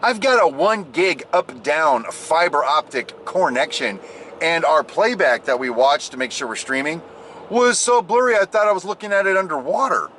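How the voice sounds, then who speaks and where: Animated man telling a jokey story. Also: fairly high pitch, moderate pace, slight background noise. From United States. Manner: animated, jokey, swings into loud exclaims and mimicked voices. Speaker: vlogger. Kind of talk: casual storytelling vlog.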